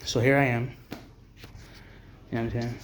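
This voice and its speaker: A man's voice: medium pitch, flat delivery, normal speed, a little hiss or hum. A man delivering a profane, blunt, rambling to-camera rant as an advocate for homeless people. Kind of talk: ranting to-camera monologue.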